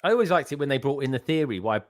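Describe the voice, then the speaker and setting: A man's voice: medium pitch, animated, racing, no echo, clean studio sound. A man, a guest in a casual livestream chat, talking colloquially and laughing easily. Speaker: guest co-host.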